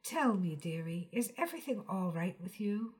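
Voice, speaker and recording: A woman reading the part of a gentle, affectionate elderly aunt, speaking softly and slowly. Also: medium pitch, animated, close to an everyday voice. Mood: tender. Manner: soft, quiet and slow.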